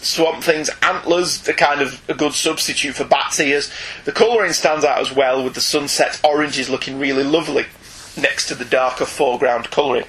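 A man's voice: mid-range voice, steady tone, a bit bright, slight background noise, poor audio. A man co-hosting a podcast, chatting about comics in a wry, teasing way. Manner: wry, teasing, reads cover notes slowly. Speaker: podcast co-host. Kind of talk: casual comic book chat.

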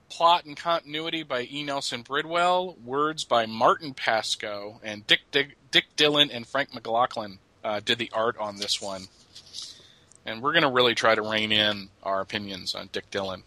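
A man's voice: mid-range voice, moderate pace, sharp tone, no room sound, rough recording. A middle-aged man co-hosting a podcast, chatting casually about comics and joking as he reads. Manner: joking, laughs at his own lines. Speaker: podcast co-host.

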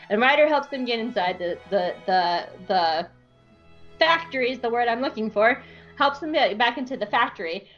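High-voiced woman recapping with irreverent humor. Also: lo-fi sound. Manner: irreverent, swears often, voices characters in quick asides. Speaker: podcast co-host. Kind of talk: comedic episode recap.

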